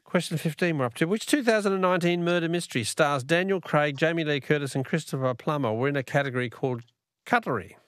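A man's voice: a little high, fast, a bit bright, no room sound, clean studio sound. A middle-aged Australian man hosting a radio talkback quiz in a chatty, chuckling way. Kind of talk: casual radio chat. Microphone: studio microphone.

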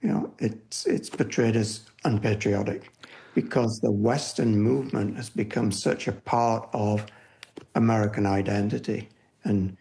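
A man's voice: lowish voice, steady tone, measured pace, creaky, warm tone. An older man, a historian, speaking thoughtfully in a conversational interview, often restarting phrases. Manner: thoughtful, with restarts and "you know". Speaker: historian guest.

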